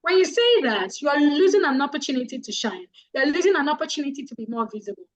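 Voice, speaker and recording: A woman's voice: high voice, expressive, fast talker, lo-fi sound. A woman with a Nigerian accent giving public speaking advice, emphatic and repeating points for effect. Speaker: guest speaker.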